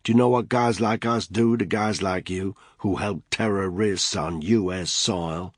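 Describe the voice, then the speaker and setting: A man reading an audiobook, voicing a ruthless male soldier who interrogates a captive with quiet, mocking menace. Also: low-pitched, steady tone, unhurried, no echo, studio quality. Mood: menacing.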